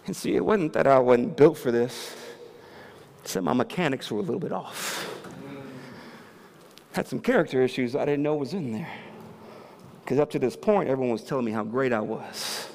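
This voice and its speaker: A man preaching a sermon, moving between quiet storytelling and loud, fervent preaching. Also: medium pitch, normal speed, gravelly, pauses often. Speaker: pastor. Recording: reverberant hall with faint ambience.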